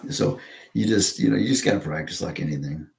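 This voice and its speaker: This American man has a low, gravelly, creaky voice with a darkish tone, and he rambles through a casual monologue. His delivery is halting, full of fillers, stops and restarts. The room around him sounds noticeably echoey.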